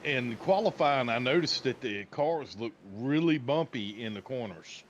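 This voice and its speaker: A man giving color commentary on a sim race, relaxed and analytical, with many fillers. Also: mid-range voice, a little slow, a little hiss or hum. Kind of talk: live sim racing commentary.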